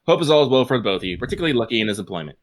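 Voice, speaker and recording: A man co-hosting a podcast, chatting casually and reading out listener mail in an animated way, laughing often. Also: mid-range voice, very fast. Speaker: podcast co-host.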